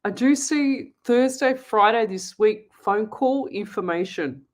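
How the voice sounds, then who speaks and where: A woman's voice: a little high, expressive, slow pace. Chatty woman hosting live. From Australia. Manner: chatty, upbeat, thinks aloud. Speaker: psychic medium radio host. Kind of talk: live chat reading out viewer comments.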